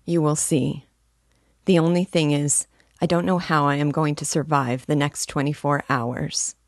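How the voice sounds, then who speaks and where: A woman's voice: sits low, fairly even intonation, a little slow, dry recording, clean studio sound. A woman reading an eager young dreamer. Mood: pleading. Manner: eager, pleading, gently emotional. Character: dreamy, impulsive young man, eager and earnest. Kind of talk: audiobook dialogue reading.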